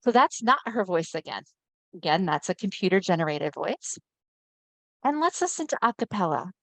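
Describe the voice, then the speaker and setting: A woman's voice: on the low side, big pitch swings, moderate pace, a bit bright, no room sound. A woman giving a webinar presentation over a video call, speaking conversationally and often checking in with her listeners. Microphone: video call mic.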